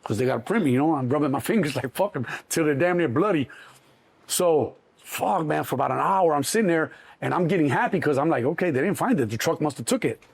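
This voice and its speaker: Chicago guy, husky voice, kinda high, animated storytelling with lots of cussing. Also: fast. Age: middle-aged. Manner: animated, acts out voices, swears freely. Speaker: interview guest. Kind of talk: casual storytelling.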